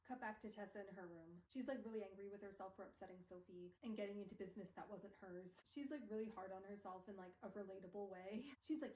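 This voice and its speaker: A woman casually recapping a novel in a playful, animated way, tossing in quick character asides. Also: medium pitch, far from the mic. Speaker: book recap video creator. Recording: roomy, off-mic recording.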